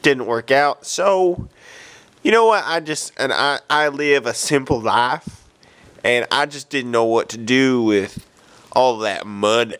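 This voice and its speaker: A man's voice: medium pitch, takes it slowly, fairly bright tone, clean tone. A man playing a rambling comedy character who gets mock-emotional and wanders off topic.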